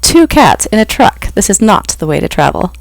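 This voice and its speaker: A harried young woman, as voiced by a reader, trying to keep her cats in line with scolding and coaxing. The reading has a gravelly grain and a dry, close sound. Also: mid-range voice, normal speed, no echo, voice pushed up. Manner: lively, scolding, a bit frazzled. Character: flustered young woman juggling unruly cats. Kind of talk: audiobook reading.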